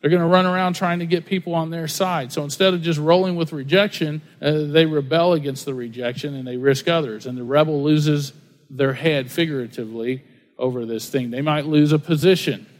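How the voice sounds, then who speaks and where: A man's voice: on the high side, steady tone, a little fast. A man preaching a sermon, conversational and full of rhetorical questions and everyday stories. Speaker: pastor. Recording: long hall reverb.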